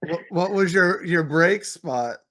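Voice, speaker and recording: A man hosting a podcast interview, asking measured questions and murmuring soft agreement. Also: sits high. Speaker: podcast host. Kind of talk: interview conversation.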